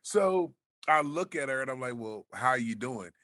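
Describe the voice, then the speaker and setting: A man with a deep, smooth voice, chatting as a podcast guest and telling a laid-back story, swearing freely. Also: expressive, normal speed, fairly bright tone, no echo, clean studio sound. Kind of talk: casual chat.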